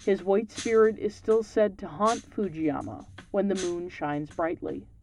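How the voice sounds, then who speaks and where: Measured podcast storyteller over faint music. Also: mid-range voice, steady tone, vocal fry, darkish tone. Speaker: podcast host. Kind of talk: scripted storytelling narration.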